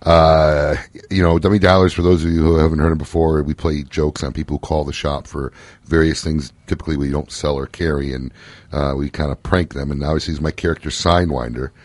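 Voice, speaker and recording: A man's voice: very deep voice, steady tone, a little fast, a little mellow, no room sound. A man hosting a talk radio show, easygoing and jokey as he thanks callers and introduces segments.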